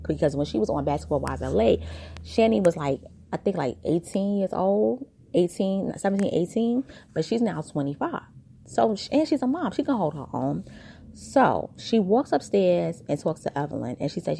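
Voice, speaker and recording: A woman with a low, gravelly voice and a dark, mellow tone talks through a reality show episode. Her delivery is chatty and gossipy, retelling who said what in a casual recap. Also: big pitch swings, normal speed.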